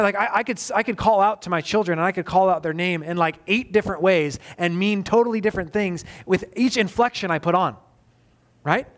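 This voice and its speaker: A man preaching a sermon in a somewhat high voice. He swings from forceful, emphatic declarations to quiet, close questions aimed at the listener. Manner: emphatic, rising to loud peaks then dropping soft and intimate. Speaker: pastor.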